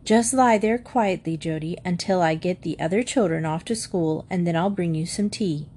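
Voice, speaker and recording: A woman voicing a brisk, firm mother hurrying her children to school. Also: lowish voice, darkish tone, slight background noise, lightly acted. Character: brisk no-nonsense mother of five.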